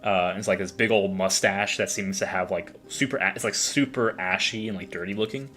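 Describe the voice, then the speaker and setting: A man's voice: low voice, fairly even intonation, fairly quick, sharp tone. A young man narrating as game master in a casual, filler-heavy way.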